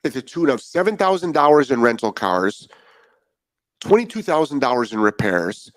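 A man's voice: mid-range voice, big pitch swings, normal speed, dry recording. A man talking as a dog trainer in a podcast monologue, blunt and profane and firing off rhetorical questions.

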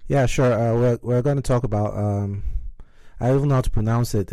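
A woman's voice: extremely low pitch, moderate pace, warm tone, dry recording. A woman from Nigeria, co-hosting a podcast in dry, teasing casual chat. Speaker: podcast co-host.

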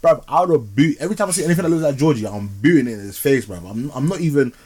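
A man's voice: mid-range voice, animated, rapid-fire, a little mellow, husky. A man hosting a podcast, casually reviewing films in a slangy, rambling way. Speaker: podcast host. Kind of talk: casual film review chat.

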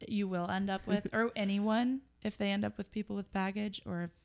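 Young woman co-host, slight vocal fry, thoughtful casual chat. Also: medium pitch, fairly even intonation, fairly quick, a little mellow. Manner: reflective, earnest, some swearing. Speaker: podcast co-host.

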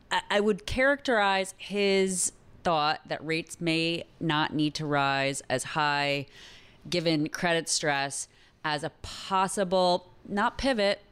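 A woman reporting on the markets from a radio studio in a low, smooth, clear voice. She picks her words with care and keeps a measured delivery. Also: a bit bright. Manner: precise, careful wording, measured. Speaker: markets correspondent.

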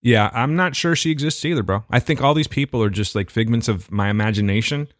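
A man's voice: mid-range voice, fairly quick, no room sound, studio quality. A man co-hosting a podcast, telling jokey stories and swearing casually as he riffs. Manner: joking, storytelling, swears casually. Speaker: podcast co-host.

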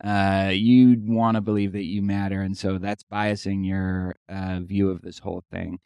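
Man, lowish voice, podcast host, opinionated, pointed, dry close sound. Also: flat delivery, moderate pace, creaky, a little mellow, smooth, no echo. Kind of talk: casual podcast discussion.

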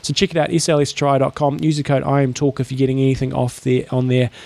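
Gravelly man chatting casually. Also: mid-range voice, quick pace. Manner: relaxed, rambling, many fillers. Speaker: podcast co-host. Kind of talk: casual chat.

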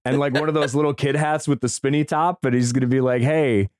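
A man co-hosting a podcast in casual chat, excitable, swearing and laughing often. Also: medium pitch, quick pace, clean tone, no echo, studio quality. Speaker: podcast co-host.

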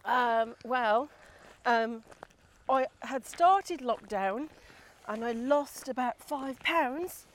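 A woman's voice: on the high side, extremely slow. A woman podcast co-host chatting casually and self-mockingly while walking in the countryside. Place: outdoors, countryside walk.

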